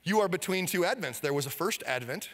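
A male pastor preaching an energetic sermon, leading the congregation in call-and-response. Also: sits high, fast talker, big-room sound. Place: church sanctuary.

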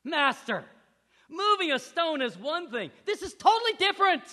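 A man's voice: very high voice, big pitch swings, moderate pace, bright, forceful tone, voice pushed up, exaggerated voice. A man voicing a frustrated, doubtful young male apprentice, exclaiming in an echoey hall. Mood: exasperated. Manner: exclaiming, exasperated.

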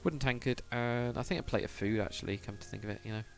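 A man's voice: medium pitch, fast, vocal fry, soft background music. A man on a casual live stream, thinking aloud and muttering to himself as he builds, stopping now and then to read out and answer viewer chat.

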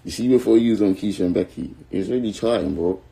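A man's voice: lowish voice, quick pace, gravelly, warm tone, husky, rough recording. A young man with a South London accent, a rapper, delivering an angry, insulting, profanity-filled rant that keeps circling back to the same points. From London, England. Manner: angry, insulting, swearing, repeating himself. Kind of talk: heated rant to camera.

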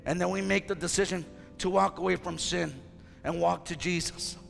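Man preaching fired up, high forceful voice, big echoey church hall, faint music behind. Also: steady tone, normal speed, gravelly. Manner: impassioned preaching, rising to shouts. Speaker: pastor. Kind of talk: fiery sermon. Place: church sanctuary.

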